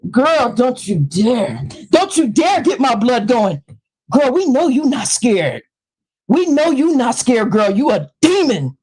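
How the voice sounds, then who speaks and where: High-voiced woman ranting on a livestream. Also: very animated, unhurried, darkish tone, low-quality recording. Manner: confrontational, taunting, preachy; swings between low mutters and high shrieks. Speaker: live streamer. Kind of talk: livestream rant reading a letter aloud.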